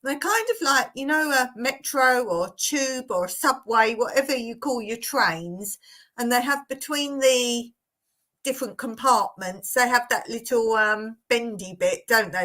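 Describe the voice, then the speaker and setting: A chatty woman with a high voice hosts a casual live stream. She reads out viewer comments and tells stories with plenty of giggles. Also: sharp tone. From England. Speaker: vlogger hosting a live stream.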